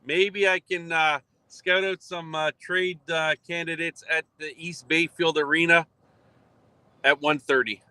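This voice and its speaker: A man's voice: a little high, steady tone, measured pace, bright, forceful tone, smooth, no echo. A man calling in over a video call, laid-back and dry-witted in casual chat. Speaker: remote guest correspondent.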